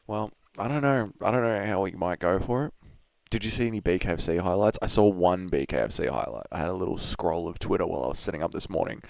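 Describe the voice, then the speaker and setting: A man's voice: low voice, expressive, fast, gravelly, darkish tone, no echo, studio quality. A young Australian man streaming a fight watch-along, chatting loosely with viewers, swearing and laughing, tired from waking up early. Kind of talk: casual live-stream chat.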